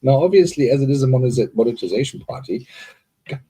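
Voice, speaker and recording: Quick and expressive, this mid-range male voice is warm with a breathy edge as he co-hosts a live online party. He rambles loosely, leans heavily on fillers, and greets incoming viewers in an upbeat way.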